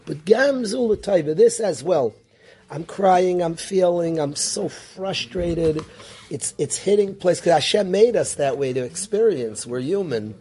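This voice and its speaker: Rebbe guy teaching torah, warm mellow voice, kinda high, asks lots of questions. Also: a little slow, husky. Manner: animated, rhetorical questions, Yiddish-Hebrew terms. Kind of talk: Torah class.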